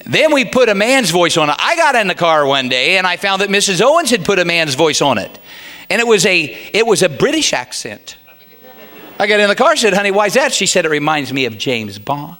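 A man's voice: high voice, sing-song, fairly quick, bright, forceful tone. A middle-aged man, a pastor, preaching a sermon in a folksy, humorous way that rises to fervent pleas.

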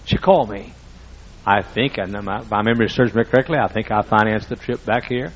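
A man's voice: fairly low pitch, fairly even intonation, a little fast, lo-fi sound. A man preaching a sermon as pastor, telling folksy stories with emphatic repetition.

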